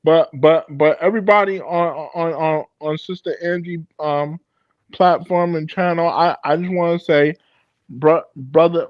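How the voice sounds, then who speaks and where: A man's voice: fairly high pitch, fairly even intonation, a little slow, dry recording. A man co-hosting a casual livestream chat, stammering and repeating his words. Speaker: livestream co-host. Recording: muffled lo-fi mic.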